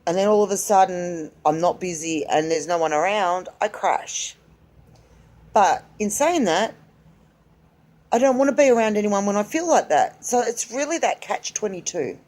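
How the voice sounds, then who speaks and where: A woman's voice: medium pitch, expressive, moderate pace, darkish tone. A woman in her forties chats alone to her camera in a loose, rambling way. She often stops mid-thought, restarts, and speaks with plain candour and an easy lilt. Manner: rambling, self-interrupting, candid. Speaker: vlogger. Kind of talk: casual solo vlog chat.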